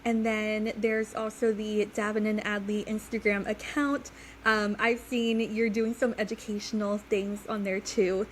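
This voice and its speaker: A woman's voice: medium pitch, level tone, a little slow, a little hiss or hum, poor audio. A young woman hosting a casual interview, chatty and upbeat, heavily pregnant. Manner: chatty, upbeat, frequent "like" and "mm-hmm". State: heavily pregnant, due today. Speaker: podcast host.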